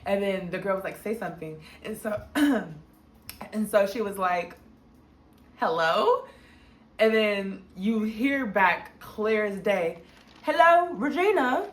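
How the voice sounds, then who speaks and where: Animated woman telling a story, echoey room. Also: slow pace. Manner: animated, slangy, acts out quotes in a high voice. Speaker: storytime vlogger. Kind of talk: casual storytime narration.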